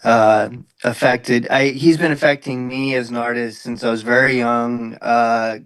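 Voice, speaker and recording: A man from the United States speaks on a live panel in a mid-pitched voice. He is measured and hesitant and pauses as he searches for words. The sound is dry. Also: steady tone, a bit bright, no echo. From Philadelphia, USA. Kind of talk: casual panel discussion.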